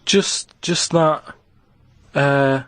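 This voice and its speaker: A man on a comedy chat show, explaining himself in a halting, hesitant way. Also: fairly high pitch, fairly bright tone, no room sound. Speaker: regular on the show, diary writer.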